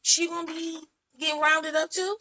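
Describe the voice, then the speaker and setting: A woman co-hosting a podcast in casual chat, chiming in often with quick agreement and questions. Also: very high-pitched, flat delivery, a crowd in the background, low-quality recording. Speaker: podcast co-host.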